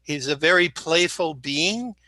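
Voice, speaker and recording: A man's voice: fairly high pitch, animated, unhurried, sharp tone, no echo. A man speaking as a guest, rambling and joking as he talks and correcting himself mid-sentence, slightly sick. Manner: rambling, jokey, self-correcting. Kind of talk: casual interview talk.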